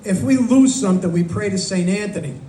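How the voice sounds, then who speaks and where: Older New York Italian man, high-pitched, dark tone, stand-up set, echoey room, mic at a distance. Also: fairly quick, a little hiss or hum. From Brooklyn, New York. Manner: wisecracking, self-deprecating. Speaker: stand-up comic. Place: small bar open mic. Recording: roomy, distant mic, faint ambience.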